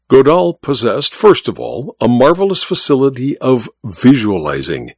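Expressive male storyteller, dry close sound. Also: medium pitch, moderate pace, hardly any pauses, breathy edge, no echo. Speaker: narrator. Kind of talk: scripted narration of a classic story.

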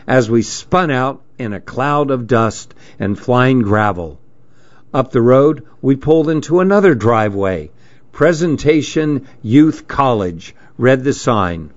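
A man narrating a children's story in the first person, in a deadpan manner, on a dull lo-fi recording. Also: mid-range voice.

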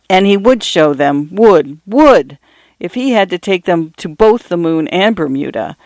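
A man reading a literary novel aloud as narrator, in a measured and expressive way. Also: high-pitched, no echo. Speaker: audiobook narrator.

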